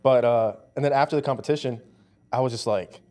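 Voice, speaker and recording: A man's voice: medium pitch, brisk. Chatty young man telling a story. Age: 20s. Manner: animated storyteller, fillers like "like" and "dude". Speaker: powerlifter guest. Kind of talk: casual conversation.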